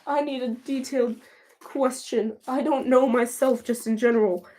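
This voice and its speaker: A woman livestreaming, answering her chat in a casual, chatty way with quick flustered restarts. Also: on the high side, fairly even intonation, dark tone.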